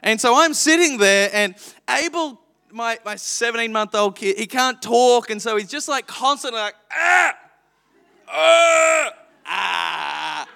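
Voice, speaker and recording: A pastor in his thirties preaches with a high, bright, forceful voice. He tells stories in a lively, frank way and pokes fun at himself. His words ring out with the long reverb of a church hall. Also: normal speed, clear, resonant tone. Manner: lively storytelling, frank and self-deprecating. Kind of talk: sermon. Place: church auditorium.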